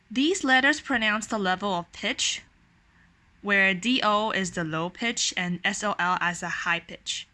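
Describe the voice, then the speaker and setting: Bright-voiced woman teaching language tones. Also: mid-range voice. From Taiwan. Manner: patient, demonstrating tones with sung-out syllables. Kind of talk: explanatory language lesson.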